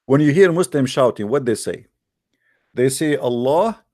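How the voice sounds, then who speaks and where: A man's voice: medium pitch, expressive, moderate pace, a little mellow. A man giving a polemical online talk, emphatic and full of rhetorical questions, addressing listeners as guys, with non-native grammar and frequent restarts. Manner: addresses the audience directly as guys. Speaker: religious debate speaker.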